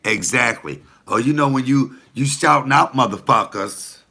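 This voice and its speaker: A man's voice: medium pitch, moderate pace, creaky, pushed and bright. A comedian talking casually to the camera, blunt, profane and preachy as he tells stories and gives advice.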